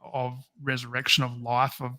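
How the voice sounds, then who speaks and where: A man's voice: mid-range voice, completely flat delivery, normal speed, bright, forceful tone, no echo. A man, the pastor co-host of a podcast, talking earnestly with stammering restarts. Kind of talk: casual chat.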